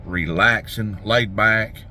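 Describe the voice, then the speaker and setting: A man's voice: fairly low pitch, slow, bright, forceful tone, slight background noise. A man, rambling folksy talk about fishing as a vlogger, outdoors by a lake. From Tennessee. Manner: folksy, rambling, restarts a lot. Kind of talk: casual rambling talk to camera.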